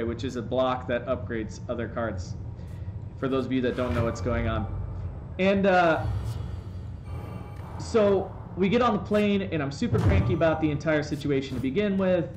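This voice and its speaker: A man with a slightly high voice tells a rambling story in a casual way while he plays a game on a live stream. He talks into a desk microphone at home, and the room sounds roomy with a faint hum underneath. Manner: rambling, animated anecdote with playful asides. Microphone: desk microphone, swapped in for the day.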